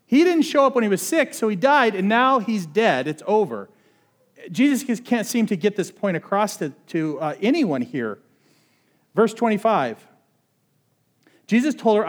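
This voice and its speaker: A high-voiced man preaching a casual, conversational sermon. He swings from loud, pressing emphasis to hushed, intense asides and sprinkles in "like" as he talks. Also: big pitch swings, normal speed. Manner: conversational, uses "like" often. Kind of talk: expository sermon.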